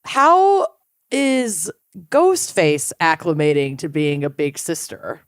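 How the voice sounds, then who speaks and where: A woman's voice: deep voice, huge pitch swings, takes it slowly, dry recording, studio quality. A woman co-hosting a podcast, chatting casually and enthusiastically with her friend. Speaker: podcast co-host. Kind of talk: casual chat.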